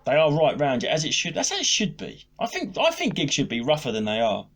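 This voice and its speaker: A man co-hosting a comedy podcast, telling a swearing, animated story about a gig and acting out the dialogue. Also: a little high, a little fast. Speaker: podcast co-host, stand-up comedian. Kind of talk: casual podcast chat, storytelling.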